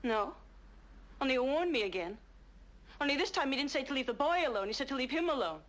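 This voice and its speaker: A woman's voice: high voice, animated, quick pace. An actress playing a sensitive young woman who questions her mysterious lover earnestly in a 1970s TV drama. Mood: tense. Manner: earnest, probing, turns soft and breathy when tender.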